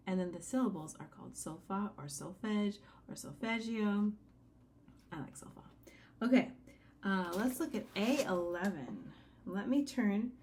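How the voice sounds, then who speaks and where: A woman's voice: medium pitch, a little mellow, slight background noise. A woman teaching a sight-singing lesson, giving patient step-by-step instructions and singing short examples. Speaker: music teacher.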